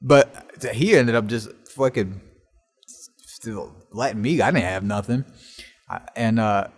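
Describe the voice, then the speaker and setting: A slow-speaking man with a lowish voice hosts his own podcast, telling rambling stories solo and swearing constantly. He records on a laptop in a basement workshop in an old house.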